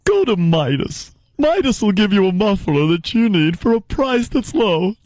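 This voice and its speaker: A man's voice: sits high, big pitch swings, moderate pace, darkish tone, no echo. A man imitating a female commercial announcer with a forced smiling voice and a sing-song ad-read delivery. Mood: mocking.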